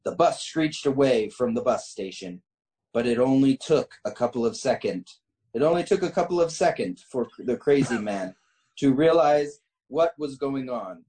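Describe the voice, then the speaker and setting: Man, host, story reading, lively pitch, laughs often. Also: moderate pace.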